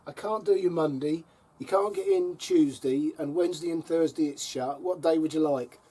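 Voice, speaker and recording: A woman's voice: low voice, normal speed, mellow, husky. A man voicing a cheerful, chatty Welsh woman who answers the council phone line, with a sing-song Welsh accent. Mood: cheerfully helpful.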